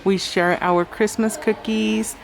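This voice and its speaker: A woman's voice: mid-range voice, fairly even intonation, slow, creaky, soft background music. A woman vlogging in a craft store, gushing over decorations and reading out signs and prices. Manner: gushing, chatty, reads out sign text and prices. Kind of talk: casual store walkthrough vlog. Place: inside a large craft store.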